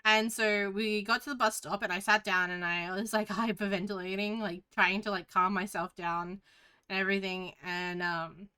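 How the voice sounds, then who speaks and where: Australian woman streamer, casual storyteller, bright and crisp, rambles with restarts and swears freely. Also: medium pitch, fairly even intonation, normal speed.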